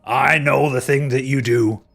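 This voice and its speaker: A man's voice: on the low side, normal speed, creaky, sharp tone, slightly rough, full character voice. A man playing a blustering, ranting lord. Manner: ranting, coarse. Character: blustering bigoted male lord, stubborn.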